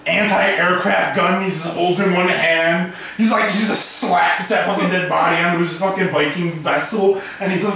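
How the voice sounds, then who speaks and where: Rambling, laughing man in a boomy room. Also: creaky. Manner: rambling, profane, laughing, many fillers. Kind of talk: improvised comic storytelling. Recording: very echoey, distant, crowd noise.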